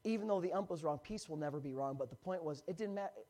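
A man preaching a sermon, telling a personal story in an animated way and building to emphatic points. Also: fairly high pitch, quick pace. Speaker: pastor.

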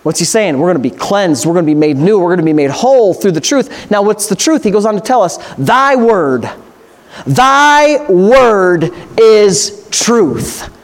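A man's voice: high-pitched, expressive, fast talker, hardly any pauses, darkish tone. A man, a pastor, preaching a sermon with passionate, repetitive emphasis.

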